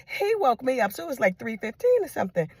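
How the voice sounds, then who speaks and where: A woman's voice: fairly high pitch, sing-song, fast talker, breathy edge. A middle-aged woman telling a gossip story in a sassy, dramatic, casual way.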